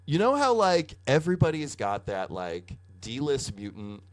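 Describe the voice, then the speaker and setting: Unhurried and medium in pitch, a man co-hosts a podcast where he chats casually about comics. He tells the story with animation, cursing liberally and leaning on "like" to hedge.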